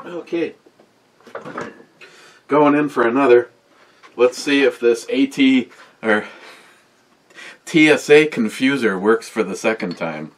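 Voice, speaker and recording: His mid-range voice is expressive and slow, with long pauses. He's a man in his sixties hosting a beer review, chatting loosely to camera with profanity, jokes and back-talk aimed at a voice assistant.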